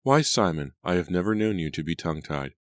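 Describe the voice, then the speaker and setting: A man's voice: deep voice, lively intonation, fairly quick, no echo. A man voicing a scornful young woman who practices witchcraft, in an imperious manner, reading an audiobook. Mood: gleeful. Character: scheming young Southern belle witch, scornful. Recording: dry close studio sound.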